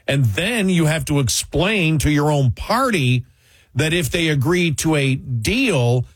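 A husky-voiced man hosts a political talk show, reading an editorial aloud and breaking in with his own emphatic remarks. The sound is dry and close. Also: a little high, animated, slow pace, dry recording.

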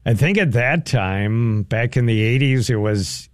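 A middle-aged man co-hosting a radio show, chatting in a relaxed way with joking asides. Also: mid-range voice, unhurried, dry recording, studio quality. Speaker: radio co-host. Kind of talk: casual on-air chat.

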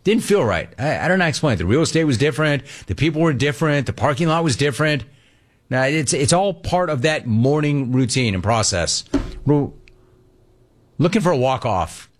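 Animated older man ranting on radio. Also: medium pitch, fairly quick. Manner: animated rant with mocking voices. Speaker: sports radio host. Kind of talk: call-in radio talk.

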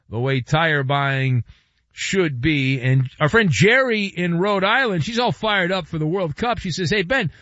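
A man's voice: a little high, a bit bright, dry recording, lo-fi sound. A man hosting a radio show, talking in a theatrical, playful way and reading live ads. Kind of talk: bombastic talk radio with live ad reads.

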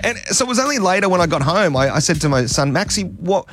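A man's voice: fairly high pitch, big pitch swings, very fast. An Australian man in his thirties, telling a rambling, self-deprecating story on radio and laughing often.

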